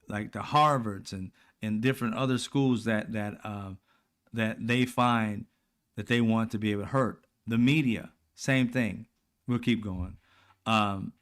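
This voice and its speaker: A man's voice: mid-range voice, fairly bright tone. Heated, profane man ranting. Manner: blunt, profane, heated, informal speech. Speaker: political commentary host. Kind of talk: angry casual commentary.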